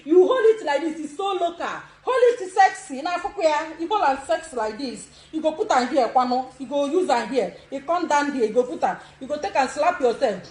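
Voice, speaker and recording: With few pauses, she talks a little fast in an expressive, high, darkish voice. This Nigerian-accented woman in her sixties gives bold instructions and laughs a lot during a live social media demonstration, and the room echoes.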